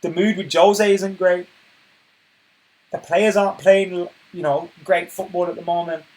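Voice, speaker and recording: A man hosting a casual football live stream, chatting and reading viewer comments aloud, getting loud and worked up when he rants. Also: high voice, steady tone, a little slow, rough recording. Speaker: football channel host reading live chat.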